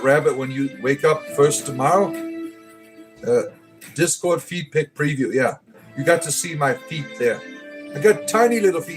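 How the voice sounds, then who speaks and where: A middle-aged man hosting a casual livestream, rambling and chatting with viewers as he answers their comments. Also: on the high side. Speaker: livestream host.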